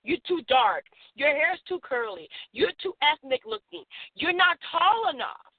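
A woman's voice: sits high, sing-song, unhurried, no room sound. A woman hosting a motivational radio show, speaking emphatically and repeating affirmations for listeners to say along. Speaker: radio host. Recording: phone-like narrow sound.

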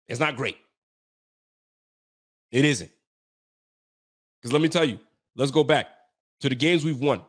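Young male host, heated postgame rant, slangy and repetitive, mid-pitched. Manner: frustrated, venting, repetitive, slangy. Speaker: sports podcast host.

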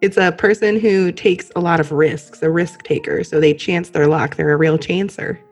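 A woman's voice: lowish voice, fairly even intonation, moderate pace, breathy edge, soft background music. Giggly woman hosting a casual podcast. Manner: giggly, playful, lots of "um". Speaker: podcast host. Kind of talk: casual chat between friends.

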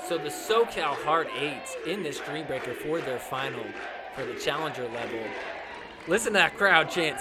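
A man hosting a podcast, giving casual, joking commentary over sports highlights. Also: expressive, moderate pace, crowd noise. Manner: playful, joking, laughs often. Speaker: podcast host.

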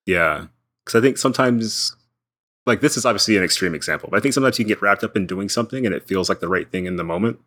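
A man co-hosting a podcast, giving thoughtful, measured analysis in casual chat. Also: on the low side, a bit bright. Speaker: podcast co-host. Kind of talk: casual chat about comics.

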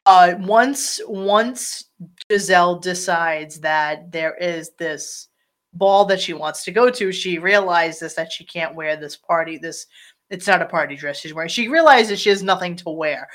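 A woman's voice: on the low side, measured pace. A woman in casual chat, rambling through a film scene and acting out the characters' lines. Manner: rambling, animated, acts out quotes. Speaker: podcast co-host discussing a film.

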